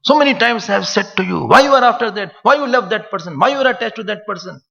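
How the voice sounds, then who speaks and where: Man playing a harsh guru scolding a pupil, raised and rasping, muffled hall sound. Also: on the high side, very animated, a little slow, pushed and bright, exaggerated voice. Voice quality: harsh, berating. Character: stern ashram guru scolding a disciple. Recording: muffled recording in a reverberant hall.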